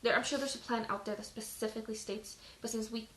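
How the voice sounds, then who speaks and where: Out of breath, a woman reads Bible passages aloud on a casual phone live stream, then chats about them with lots of "like". Her voice is a little high, steady, fast and fairly bright, in poor, roomy audio with a little hiss or hum.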